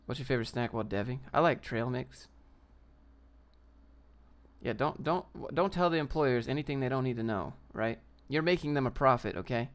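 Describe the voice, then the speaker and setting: A man's voice: mid-range voice, moderate pace. A young man hosting a casual livestream, ranting in a brash, slangy way and reading out viewer comments. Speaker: livestream host.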